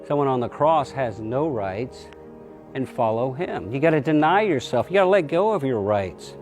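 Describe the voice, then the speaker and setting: A middle-aged pastor giving a short, plainspoken sermon and acting out quoted voices. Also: male voice, lively intonation, normal speed, a little mellow, soft background music. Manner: acts out quotes with raised pitch.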